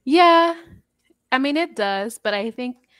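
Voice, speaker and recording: A woman's voice: high-pitched, animated, takes it slowly, fairly bright tone, no room sound, studio quality. A woman with a standard American accent teaching English on a video call, patient and friendly as she explains pronunciation. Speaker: English tutor. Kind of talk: online English lesson.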